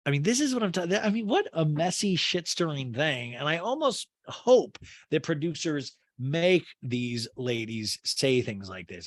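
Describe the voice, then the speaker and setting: A man's voice: medium pitch, no room sound. A man hosting a podcast, giving a gossipy, sarcastic and crude comedic recap of a reality show. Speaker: podcast host.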